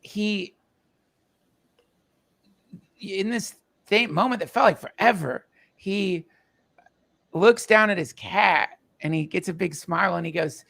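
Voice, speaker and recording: A man telling a personal story in casual conversation, halting and emotional, with many restarts and fillers. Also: sits high, vocal fry, fairly bright tone. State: tearful.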